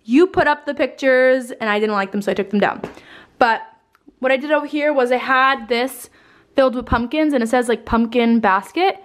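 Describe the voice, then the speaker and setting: Twenties woman vlogger, upbeat and a little out of breath, slightly high-pitched, chatty and casual. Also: normal speed. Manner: gushing, chatty, swears casually. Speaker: lifestyle vlogger. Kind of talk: casual home tour chat. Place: her decorated home, indoors.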